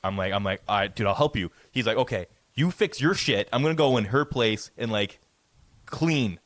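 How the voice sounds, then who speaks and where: A man's voice: lowish voice, animated, normal speed, fairly bright tone, no echo. A man co-hosting a podcast, telling a long story in a rambling way, with many stammered restarts and a lot of swearing. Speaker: podcast co-host. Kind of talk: casual storytelling.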